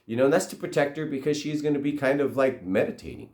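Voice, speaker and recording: A man's voice: mid-range voice, animated, fast, darkish tone. A man telling a story in a loose, conversational way. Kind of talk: casual oral storytelling. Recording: roomy echo.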